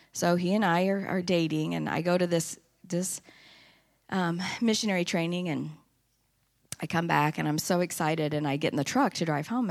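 Church member, female, middle-aged; low-pitched with vocal fry; earnest, animated testimony. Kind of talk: personal testimony.

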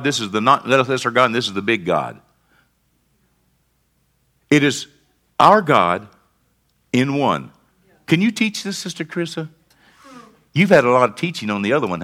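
Animated, bright-voiced male pastor preaching. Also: fairly high pitch. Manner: conversational preaching, rising to emphatic declarations. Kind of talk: sermon.

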